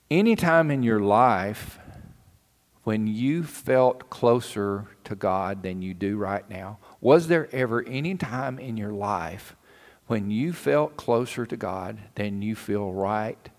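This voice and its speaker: A man's voice: lowish voice, takes it slowly. A man preaching a sermon in a folksy, earnest storytelling way. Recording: long hall reverb.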